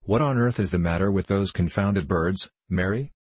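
A man plays a blustering colonel, booming with outrage. The low, husky voice is dry and close to the mic. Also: moderate pace, no echo. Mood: indignant. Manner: booming, indignant. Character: blustering military colonel, angry husband.

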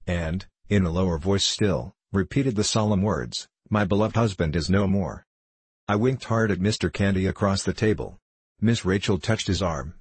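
A man narrating a novel in the first person with measured, wry storytelling. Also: deep voice, breathy edge, dry recording, poor audio. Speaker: audiobook narrator.

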